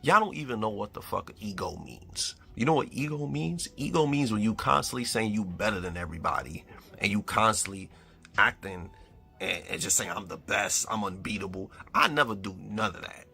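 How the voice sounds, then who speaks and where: A man's voice: lowish voice, animated, a little fast, creaky, bright, forceful tone. A man with a Bronx New York accent, a streamer ranting at his critics in a confrontational, trash-talking way. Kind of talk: angry rant to the camera.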